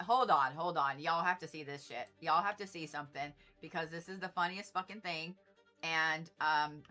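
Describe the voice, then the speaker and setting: Middle-aged woman, livestream astrologer; bright, rambling, swears freely, soft music behind. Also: lowish voice. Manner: chatty, rambling, profane, laughing asides. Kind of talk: casual livestream chat.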